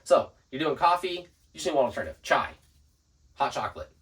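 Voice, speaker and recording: A man hosting a business podcast, giving casual tips and acting out quick customer exchanges while writing points on a board. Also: medium pitch, animated, fairly bright tone, distant mic. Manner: writes on a board while talking. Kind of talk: casual instructional talk.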